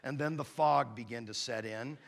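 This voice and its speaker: A man in his fifties preaching a sermon as pastor, an animated storyteller who acts out the dialogue with big comic outbursts. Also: medium pitch, moderate pace, creaky. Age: 50s. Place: church sanctuary.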